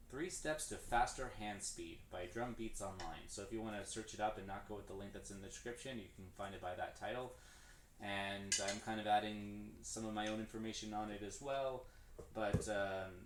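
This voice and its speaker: A man's voice: lowish voice, steady tone, moderate pace. Rambling drummer man, echoey room. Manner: rambling, self-correcting, counts stickings aloud. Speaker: drummer streaming his practice. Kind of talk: casual practice-stream explanation. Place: room with a drum kit. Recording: echoey room, distant mic, clear background noise.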